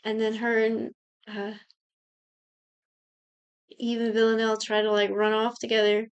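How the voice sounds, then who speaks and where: A young woman co-hosting a podcast, casually retelling a TV plot in an animated, profane way. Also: a little high, measured pace, clear, resonant tone, muffled recording. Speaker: podcast co-host recapping a show. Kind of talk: casual chat.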